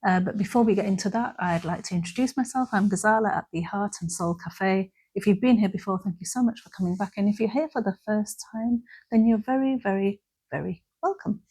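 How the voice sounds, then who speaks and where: Gentle breathy woman giving a reflective talk. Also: medium pitch. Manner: gentle, unhurried, acts out quoted phrases softly. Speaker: mental health instructor.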